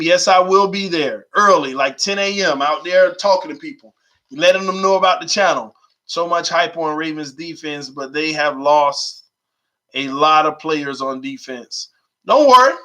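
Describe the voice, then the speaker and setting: A man hosting a sports fan channel, chatting casually and excitedly with his viewers and reading their comments aloud. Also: high-pitched, rough recording. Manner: excited, informal, talks to viewers as y'all. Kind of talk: casual vlog chat reading live comments.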